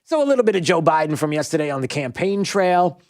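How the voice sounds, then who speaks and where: This man's talk radio commentary is animated and sarcastic, and he keeps laughing at his own lines, all captured on a studio mic. His pitch is a little high, his pace quick, and the recording has no room sound.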